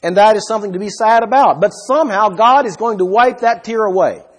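Husky-voiced man preaching emphatically. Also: high voice, a little fast. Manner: emphatic, asks the listeners questions. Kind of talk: sermon.

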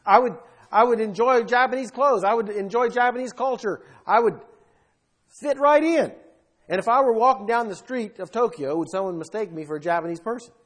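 Guy preaching, highish voice, punchy then hushed. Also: a little fast. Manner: emphatic, swinging between loud bursts and quiet asides. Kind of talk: sermon.

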